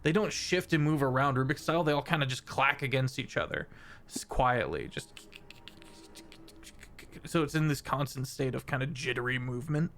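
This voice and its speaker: Gravelly-voiced man running a game. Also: medium pitch, moderate pace, fairly bright tone, soft background music. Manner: searching for words, with fillers and restarts. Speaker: game master. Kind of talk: describing scenes in a tabletop game.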